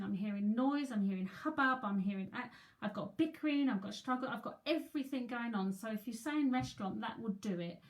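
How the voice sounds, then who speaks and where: A woman's voice: fairly high pitch, a little hiss or hum. An English woman giving a live tarot reading from home, chatty, talking to viewers by name and often repeating her words. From England. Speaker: psychic tarot reader.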